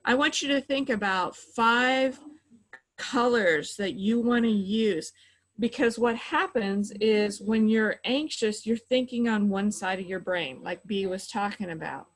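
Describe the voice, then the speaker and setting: Patient middle-aged woman giving calm advice. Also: mid-range voice, measured pace, low-quality recording. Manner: patient, explanatory, many "you know" fillers. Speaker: mental health professional. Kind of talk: advice in a conversational interview.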